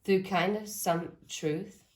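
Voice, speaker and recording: A woman's voice: mid-range voice, steady tone, slow pace. A woman reading tarot cards to her viewers, talking earnestly about spirit messages and breaking off into rambling asides. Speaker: tarot reader. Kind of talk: channeled tarot reading to camera.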